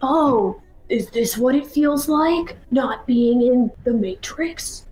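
A woman's voice: high-pitched, lively intonation, measured pace, darkish tone, pitched above the performer's own voice, poor audio. A woman playing a bewildered, eager young male hero in a comedy sketch, asking confused questions.

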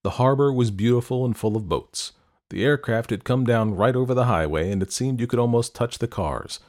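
A man hosting a podcast, reading stories aloud in calm, measured scripted narration. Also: medium pitch. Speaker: podcast host and story narrator.

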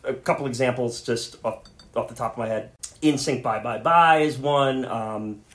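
A man co-hosting a casual movie podcast, talking animatedly and jumping into loud mimicking voices. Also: mid-range voice, moderate pace. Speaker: podcast co-host. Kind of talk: casual chat.

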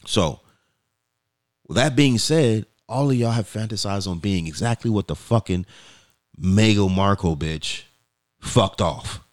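A man's voice: on the low side, measured pace, long pauses. A man co-hosting a podcast, telling stories in a casual, profane way and acting out quoted voices. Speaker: podcast co-host.

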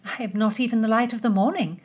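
Woman voicing a nervous young maid, higher voice, stammers a bit. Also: fairly even intonation, fast talker, a little mellow, slightly rough. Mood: flustered. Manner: timid, stammering. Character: flustered earnest young English maid of honour.

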